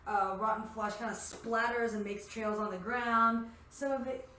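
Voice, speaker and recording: A woman's voice: fairly high pitch, fairly even intonation, sharp tone. A woman narrating as game master, giggling and swearing as she describes the action to her players. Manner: giggly, swearing freely, quick asides. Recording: far from the mic in an echoey room, faint noise.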